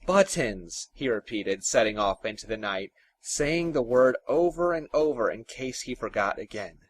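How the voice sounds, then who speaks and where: A man's voice: medium pitch, normal speed. Theatrical male folktale narrator. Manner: expressive, theatrical. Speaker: storyteller.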